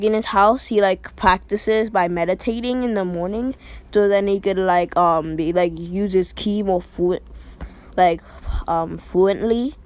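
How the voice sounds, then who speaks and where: A woman's voice: on the low side, darkish tone, smooth. Rambling woman improvising a story. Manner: rambling, heavy with fillers and restarts. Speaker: fan storyteller.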